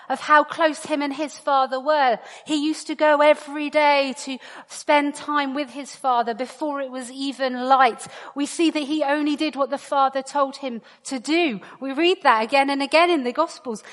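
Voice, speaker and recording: Woman preaching in a reverberant hall. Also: high-pitched. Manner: playful and joking with the crowd, then slow and emphatic. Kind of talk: interactive sermon to a congregation.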